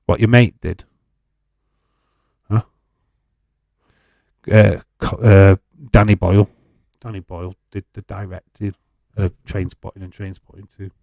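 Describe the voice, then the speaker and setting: A man's voice: low voice, fairly even intonation, unhurried, vocal fry, long pauses, mellow, dry recording. A man hosting a casual wrestling watch-along, rambling and chatty between bouts of commentary, swearing freely. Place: home in Fife.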